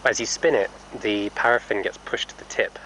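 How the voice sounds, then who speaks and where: A man training a horse, talking softly and coaxingly to the animal while explaining to viewers in a casual vlog. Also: lowish voice, moderate pace, slight background noise, poor audio. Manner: soft, coaxing talk to a horse, often hushed. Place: indoor horse stable area.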